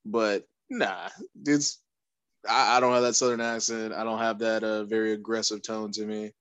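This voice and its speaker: A man's voice: fairly low pitch, level tone, normal speed, fairly bright tone, clear, resonant tone, dry recording. A man, a pro wrestler guest in a casual panel chat, speaking articulately and wordily with self-deprecating humor.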